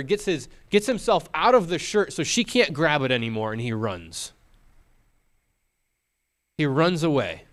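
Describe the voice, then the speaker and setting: Man preaching with dramatic storytelling. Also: fairly high pitch. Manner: storytelling, dramatic pauses and rhetorical questions. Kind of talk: sermon.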